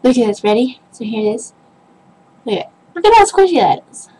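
A young woman unboxing a package for her vlog, gasping and squealing as she gushes over each item. Her voice sits high, and a faint hiss runs under the recording. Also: big pitch swings, fairly quick, dark tone, rough recording. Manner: gushing, squealing, gasping with delight. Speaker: vlogger opening a package.

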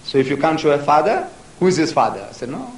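A man answers questions from the floor in a debate, fierce and insistent, firing off rhetorical questions. His voice sits a little higher than most men's. It comes from well away from the microphone and rings around a large echoey hall. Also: sing-song, fast. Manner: forceful and emphatic, with repeated rhetorical questions. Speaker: lecturer answering audience questions. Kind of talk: public debate Q&A. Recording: echoey hall, mic far off.

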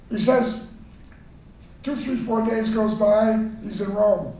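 An older man telling jokes to a live audience in an unhurried, chatty way with hesitations. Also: high-pitched, steady tone, darkish tone. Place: hall before a live audience. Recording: echoey room from far off, faint noise.

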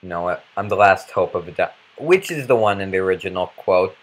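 A man's voice: low voice, animated, brisk. A man giving goofy, rambling commentary while playing a video game, breaking into random outbursts. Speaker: let's play commentator.

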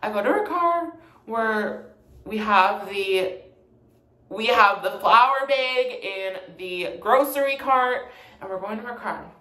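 A woman's voice: medium pitch, animated, takes it slowly, sharp tone. A young woman casually telling a retail storytime, chatty and sassy, in an echoey room. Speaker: vlogger.

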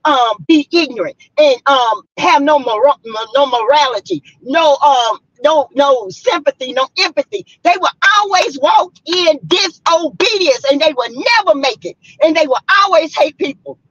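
A woman's voice: high-pitched, lively intonation, moderate pace, few pauses, a bit bright, no room sound, muffled recording. A woman from South Carolina, a vlogger, delivering a fiery, preachy, blunt rant to her viewers from her car.

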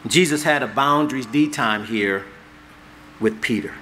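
Bright-voiced animated male preacher. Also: medium pitch, a little slow, a little hiss or hum. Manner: animated and conversational, acts out dialogue. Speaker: pastor. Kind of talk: sermon. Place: church hall.

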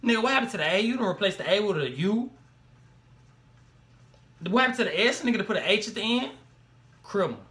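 A young man comments on a track for his reaction video, talking fast and loose in slang and breaking into exclamations. His voice sits high and sounds bright and forward. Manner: animated, slangy, exclaims and laughs between remarks.

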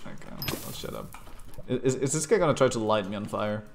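A man's voice: on the low side, lively intonation, a little fast, creaky. A young man streaming a block-building game, grumbling and swearing while stumbling over repeated words. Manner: stammering restarts, swearing, grumbling. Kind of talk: casual gaming commentary.

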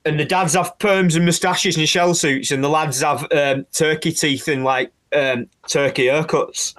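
A man on a podcast bantering in a voice that sits slightly high for a man. He swears freely and keeps asking "isn't it?" to pull the other host in. The talk runs on loose and joking. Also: unhurried. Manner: lively banter, swears freely, lots of tag questions. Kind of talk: casual chat.

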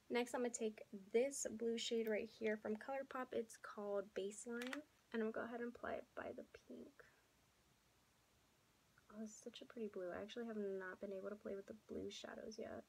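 Young woman, hoarse and gravelly, slightly high, chatty beauty vlogger with whispered asides. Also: steady tone, a little fast, slight background noise, rough recording. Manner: chatty, drifts into soft half-whispered asides. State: hoarse, losing her voice. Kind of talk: casual makeup tutorial chat.

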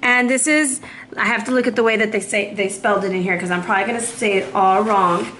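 A woman giving a casual tarot reading to the viewer, chatty and lively, slightly out of breath. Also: medium pitch, fast. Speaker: tarot reader. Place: warm indoor room. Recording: roomy echo, faint background noise.

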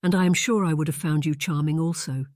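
A man's voice: fairly high pitch, fast, a little mellow, no room sound, studio quality, close to an everyday voice. A dignified young governess, as a man reads her. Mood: pleading. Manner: formal, restrained, dignified. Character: proper young woman governess, composed but torn.

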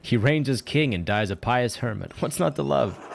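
A man's voice: mid-range voice, expressive, moderate pace, vocal fry, a little hiss or hum, voice pushed up. A man voicing a curious, eager young male artist in a story game.

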